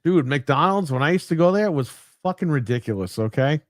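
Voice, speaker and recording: A man on a casual gaming podcast, his voice sitting a little high and recorded dry and close. He rambles through everyday anecdotes, swearing as he goes. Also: expressive, a little fast, no room sound. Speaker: podcast co-host. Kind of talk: casual chat.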